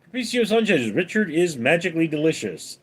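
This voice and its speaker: Male streamer, up late, reads chat slowly and fires back dry quips; a fairly high voice that swings widely in pitch. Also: breathy edge. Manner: deadpan quips between read-out comments. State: up late at night. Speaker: livestream host reading chat. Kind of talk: casual live-stream chat reading.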